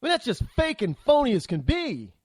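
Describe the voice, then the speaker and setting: Male talk host, fired-up opinion monologue, high animated voice, dry close sound. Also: a little fast, breathy edge, no echo. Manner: heated, opinionated, rambling with frequent restarts. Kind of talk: political commentary monologue.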